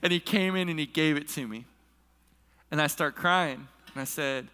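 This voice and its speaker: A man's voice: on the high side, normal speed, pushed and bright, smooth. A middle-aged male pastor telling a personal story in a casual, emotional sermon, at times choking up. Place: church hall with a live audience. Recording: long hall reverb.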